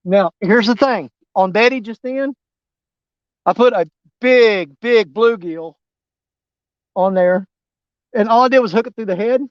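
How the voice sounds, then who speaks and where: High-voiced man chatting outdoors. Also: measured pace, pauses often, smooth, dry recording, muffled recording. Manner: rambling, folksy, talks to viewers. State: winded. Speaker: fishing vlogger. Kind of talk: live-stream fishing chat. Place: outdoors at a riverbank.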